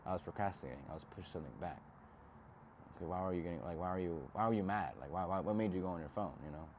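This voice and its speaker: A man's voice: low voice, very fast, darkish tone, slight background noise. A young man giving an earnest, casual self-help talk to camera, reflective and slangy.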